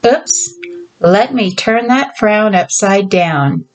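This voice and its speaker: A woman's voice: medium pitch, animated, takes it slowly, rough recording. A woman reading as a teasing young widow. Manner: teasing, mock-patronizing.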